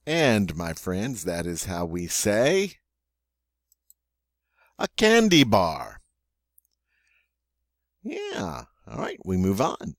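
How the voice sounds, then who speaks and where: A man runs a vocabulary lesson in a low voice that leaps up and down as he jokes. He takes his time and repeats each word slowly. The recording is dry and close. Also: huge pitch swings, no echo. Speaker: French teacher.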